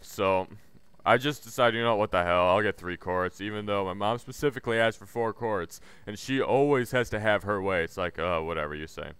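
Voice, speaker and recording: A man's voice: fairly low pitch, normal speed, a bit bright, clean tone. A young man telling a rambling, profane story while gaming, exasperated and short of breath. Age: young adult. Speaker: gaming vlogger. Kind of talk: ranting story over gameplay commentary.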